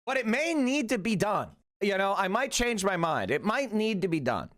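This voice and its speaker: A man with a high voice delivers political commentary on a live stream. He rants with heat, swears freely and yells insults, and he often trips over his words as he speeds up. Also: big pitch swings, normal speed. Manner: heated, profane, ranting and yelling insults.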